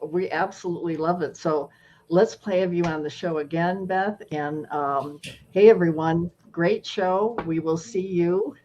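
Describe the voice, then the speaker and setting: A woman's voice: fairly low pitch, measured pace, warm tone, slight background noise. Earnest woman host, dull call audio. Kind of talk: casual chat on a video call.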